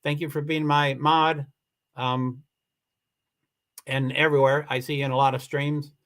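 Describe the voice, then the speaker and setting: Near tears, a livestream host rambles through viewer comments, emotional and upset, breaking off to restart again and again. His medium-pitched voice is a bit bright, a little slow, and shows little pitch movement. The audio comes from a computer mic used for live streaming.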